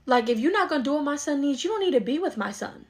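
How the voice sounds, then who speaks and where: A bossy, indignant middle-aged mom who puts her son first and scolds her daughter in a rapid, clipped rush, as a woman acts her out. Her voice sits a little high and she talks fast in this comedy skit. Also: expressive. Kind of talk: skit role-play.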